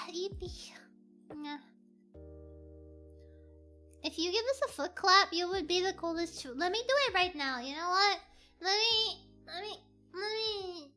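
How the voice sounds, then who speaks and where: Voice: very high-pitched, sharp tone. A VTuber streamer chatting casually on a live stream, giggly and playful, reading chat aloud from a home setup.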